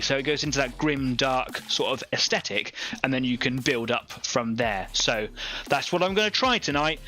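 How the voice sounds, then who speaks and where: A man's voice: medium pitch, pushed and bright. A young man from Devon with a West Country accent, chatting casually as co-host of an online painting club while he works, rambling and laughing often. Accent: West Country English. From Devon, England. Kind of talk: casual livestream chat while painting miniatures.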